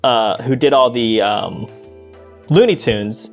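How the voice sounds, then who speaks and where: A man co-hosting a podcast in relaxed casual chat, full of fillers and casual swearing. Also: mid-range voice, slow pace, creaky, faint music behind. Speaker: podcast co-host.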